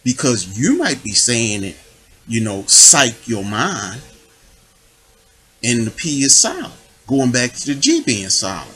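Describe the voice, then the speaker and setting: A man's voice: mid-range voice, wildly swooping pitch, normal speed, sharp tone, rough recording. A man giving a rambling spiritual monologue, digressive and full of rhetorical questions. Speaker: public official making his own videos.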